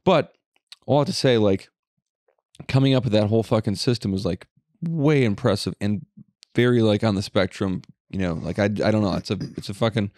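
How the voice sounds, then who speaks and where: A man's voice: on the low side, fairly quick, a little mellow, no echo, clean studio sound. A young man co-hosting a casual podcast, rambling with lots of swearing and filler words. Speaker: podcast co-host. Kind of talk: casual chat.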